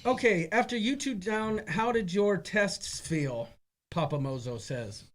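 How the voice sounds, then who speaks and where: A man's voice: sits high, expressive, a little slow. A man co-hosting a casual live-stream chat in a jokey, chatty way. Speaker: co-host.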